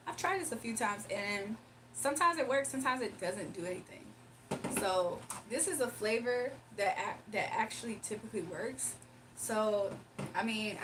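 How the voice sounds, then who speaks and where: A woman's voice: on the high side, noisy background. Chatty young woman streamer, distant mic. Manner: chatty, laughs often, reads comments aloud. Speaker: livestream host doing readings. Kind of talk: casual livestream chat reading comments.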